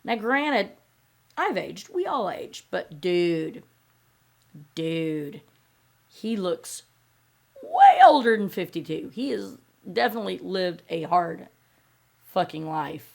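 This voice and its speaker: A woman's voice: on the low side, expressive, takes it slowly, gravelly, long pauses. A woman, hosting a podcast and ranting bluntly and sarcastically, with heavy swearing. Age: 50s. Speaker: podcast host. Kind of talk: angry opinion rant.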